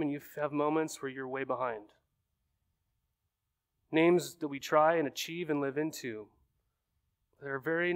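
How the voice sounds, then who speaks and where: Man preaching with conversational tags. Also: a little high. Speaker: pastor. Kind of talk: sermon.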